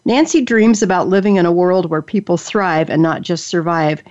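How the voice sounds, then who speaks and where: An older woman hosts a talk show in a chatty, enthusiastic way, tripping over her words and starting again. Her voice sits a little low. The recording sounds dull and lo-fi. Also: normal speed, a little mellow. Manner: chatty, enthusiastic, many restarts. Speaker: podcast host. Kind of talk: casual interview chat. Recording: dull lo-fi audio.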